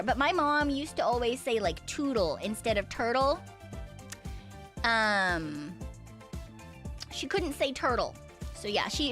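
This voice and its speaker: Woman streamer, higher voice, casual chat with cursing, faint music behind. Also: fairly bright tone. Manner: chatty, laughing, swears casually.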